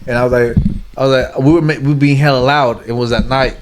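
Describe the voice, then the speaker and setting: A man, a guest in a casual interview, telling stories in an animated way, full of "like" and "you get what I'm saying". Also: medium pitch, fast talker, slight background noise.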